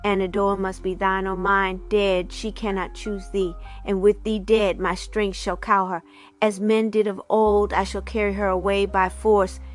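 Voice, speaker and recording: Woman reading strong jealous hunter man, hoarse, menacing old-fashioned speech. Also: flat delivery, measured pace, faint music behind, lightly acted. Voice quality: deep and hoarse. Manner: archaic, threatening speech.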